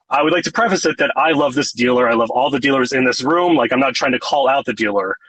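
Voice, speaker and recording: Guy with a bright sharp voice retelling a casino hand, does the other players' lines, dry close sound. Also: medium pitch, fast, few pauses, no room sound, poor audio. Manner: animated, acts out what others said. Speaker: caller telling his story. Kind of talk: casual storytelling.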